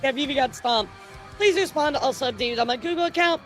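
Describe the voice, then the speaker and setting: High-voiced woman streamer, teasing and chatty. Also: fairly quick, fairly bright tone, soft background music. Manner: chatty, teasing, laughs often. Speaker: streamer and news host. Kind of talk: casual livestream news commentary.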